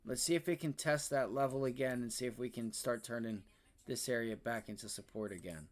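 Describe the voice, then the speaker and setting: A young man hosting a live day-trading stream, ranting and swearing about the market, swinging between loud outbursts and low muttering. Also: moderate pace. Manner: frustrated, profane, ranting about price action. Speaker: day trading livestream host.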